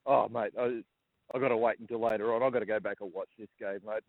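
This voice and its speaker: Emotional Australian caller on a phone line. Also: male voice, lowish voice, fairly even intonation, creaky, dry recording. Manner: emotional, halting, repeats himself. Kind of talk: phone-in chat. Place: outdoors walking a dog.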